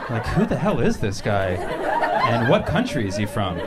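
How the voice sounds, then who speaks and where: A man's voice: medium pitch, normal speed, very noisy. A male stand-up comedian performing a playful routine and toying with how words are pronounced. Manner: animated, playful, mock pronunciations.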